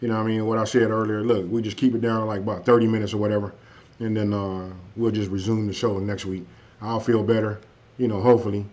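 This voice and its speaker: Low-voiced laid-back man streaming live. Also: little pitch movement, fast, a little mellow. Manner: loose and conversational, frequent "hey" and "you know what I mean". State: a bit under the weather, low energy. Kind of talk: casual live-stream chat reviewing viewers' channels. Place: at home. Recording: dull lo-fi stream audio.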